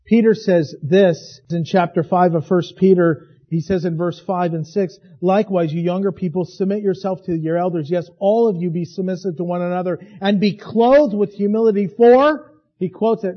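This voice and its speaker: A man preaching a sermon as pastor, swinging from hushed to loud. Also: sits high, normal speed, highs cut off.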